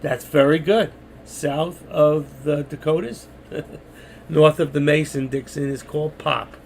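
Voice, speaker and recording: An older man with a thick New York accent talks his viewers through live trades, chatty and loose. His fairly high voice is gravelly and a little worn, as if he's losing it. A faint hiss sits under the recording. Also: steady tone, measured pace. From New York City. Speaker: trading live streamer. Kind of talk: live market commentary.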